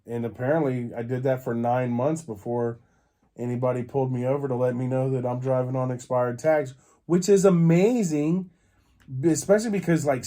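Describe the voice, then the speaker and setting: Male podcast host, relaxed dark tone, rambling storyteller with lots of fillers. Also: mid-range voice. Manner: rambling, many fillers and restarts. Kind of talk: casual storytelling.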